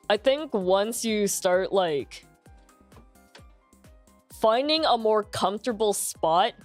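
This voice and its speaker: A young adult woman streaming, chatting candidly with lots of fillers and laughs, in a full, grounded speaking voice. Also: fairly low pitch. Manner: relaxed and candid, many fillers, laughs often. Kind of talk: casual chat stream.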